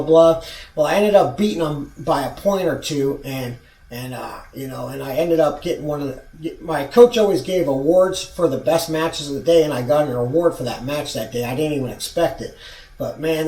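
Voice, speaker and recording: A man's voice: a little high, a little mellow. A man in his forties telling a rambling, profane story from his own past in a casual vlog. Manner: rambling, profane, restarts a lot. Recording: roomy sound, far from mic.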